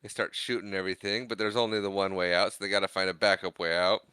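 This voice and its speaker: A man co-hosting a casual movie podcast, recapping scenes and acting out the characters' lines in an animated way. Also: low voice, quick pace, smooth, dry recording. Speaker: podcast co-host.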